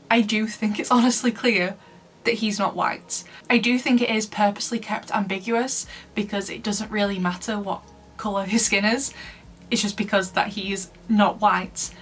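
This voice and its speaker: A woman's voice: mid-range voice, a bit bright, slight background noise. A woman from Lancashire giving a casual review commentary in a chatty way, laughing often between points. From Lancashire, England. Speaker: book reviewer.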